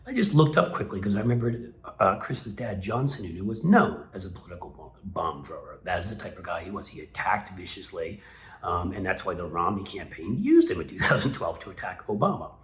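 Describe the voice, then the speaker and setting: Very deep-voiced sarcastic man, roomy echo. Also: sing-song, fairly quick, a bit bright, a little hiss or hum. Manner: sarcastic, mocking. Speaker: political commentary host. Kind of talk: casual political commentary.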